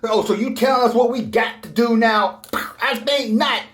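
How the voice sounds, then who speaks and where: Comic skit: a man playing a scolding, fed-up woman officer, high and lively, echoey room. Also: normal speed. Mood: sassy. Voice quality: high put-on voice, sassy. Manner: dismissive, scolding. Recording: roomy echo.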